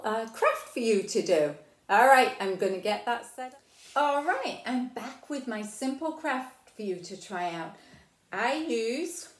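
A middle-aged woman with a fairly high voice runs a hands-on science and craft lesson for children. She talks the viewer through each step and keeps asking what they think. The sound bounces around an echoey room. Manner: friendly, explains step by step, asks the viewer questions. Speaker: children's library program presenter.

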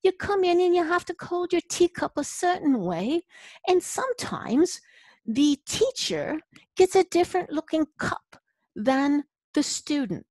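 A woman putting on a playful, exaggerated Irish lilt as a prim, proper lady, high and sing-song. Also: sing-song, a little slow, a little mellow, no room sound, exaggerated voice.

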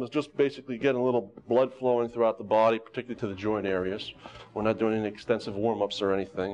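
A man teaching karate who leads students through a warm-up, calling out exercises and teasing them with jokes. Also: on the low side. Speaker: karate instructor. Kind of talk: leading a warm-up on a local TV show. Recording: dull lo-fi TV studio sound.

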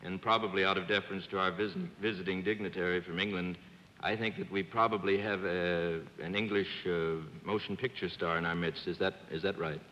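A man's voice: sits low, fairly even intonation, fairly quick, slight background noise. A man on a 1950s television game show panel, joking in witty banter and hesitating with fillers as he reasons aloud. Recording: 1950s TV broadcast, dull with hall reverb.

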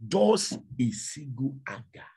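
A male preacher delivering a sermon, repeating rhetorical questions with a raspy voice. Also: mid-range voice, very animated, slow pace, dark tone.

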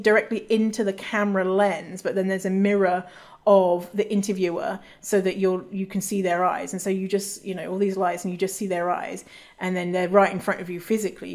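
A woman's voice: mid-range voice, a little mellow. A woman hosting a solo podcast, talking casually and candidly, swearing freely and restarting her sentences often. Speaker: podcast host.

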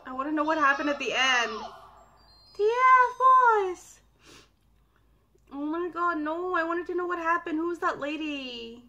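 A young woman talking unhurriedly but excitably into her own camera, laughing and swearing as she reacts. Her voice sits high and moves around a lot. A video's music plays behind her. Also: measured pace, long pauses, lo-fi sound. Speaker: reaction vlogger. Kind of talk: casual reaction commentary. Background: music from a played video.

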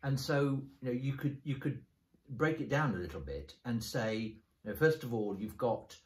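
A man in the role of a bishop explains scripture in relaxed conversation, building his points slowly and often restarting a phrase. His voice sits at an ordinary middle pitch. The recording carries a noticeable roomy echo. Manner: thoughtful, explains step by step with frequent restarts. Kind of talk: conversational bible discussion.

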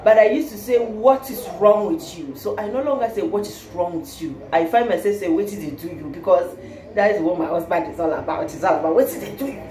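A woman's voice: lowish voice, a little fast, a crowd in the background. A woman from Kenya, vlogging in casual chat, playful and laughing often, mixing in Nigerian Pidgin phrases. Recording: roomy echo with faint background hiss.

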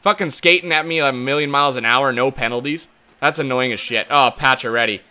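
A young man doing live gameplay commentary, easily frustrated, swearing and breaking into loud outbursts. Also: mid-range voice, fairly quick, clean tone. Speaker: gaming channel host.

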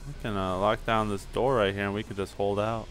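A man's voice: fairly low pitch, little pitch movement, fairly quick. A young man playing a video game with a friend, chatting casually and joking around. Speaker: gamer. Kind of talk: casual let's-play chat.

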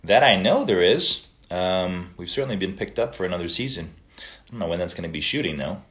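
A man with a deep, low voice hosts a laid-back livestream and reads viewer greetings aloud. He answers questions casually and often slips into short Italian phrases. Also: animated, fairly quick, a bit bright. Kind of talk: casual live chat reading viewer comments.

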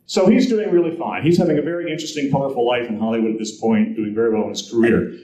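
Storytelling male presenter, lively quotes, roomy hall sound, audience recording. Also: mid-range voice, fast, a little hiss or hum. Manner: animated storyteller, acts out quotes. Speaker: guest speaker. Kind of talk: convention presentation, anecdotal storytelling. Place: convention hall. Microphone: handheld recorder in audience.

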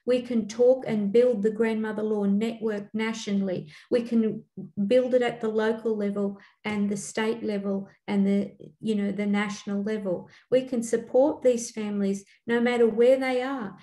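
An older woman, speaking earnestly as a community elder on a panel, pausing often with fillers. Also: on the high side, steady tone, dark tone. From Australia. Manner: earnest, halting, with frequent fillers. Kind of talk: panel talk. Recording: echoey room.

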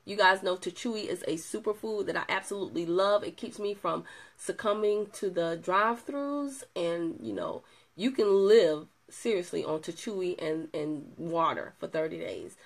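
A young adult woman chatting casually to her viewers, animated and playful, with laughing asides. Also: fairly low pitch, moderate pace. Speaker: product distributor showing client results. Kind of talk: casual video chat.

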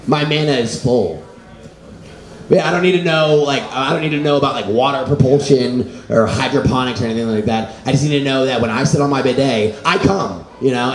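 A man doing a stand-up comedy set at an open mic, rambling and filler-heavy. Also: mid-range voice. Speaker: stand-up comic. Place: small comedy venue with an audience. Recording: echoey room with audience noise.

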